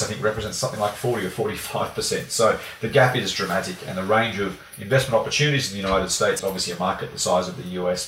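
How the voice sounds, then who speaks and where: An Australian man speaks quickly as a guest, scattering fillers through a brisk explanation. His voice sits low. The sound is roomy and a bit distant from the mic, with faint noise underneath. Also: a bit bright. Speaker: guest analyst. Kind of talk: conversational explanation.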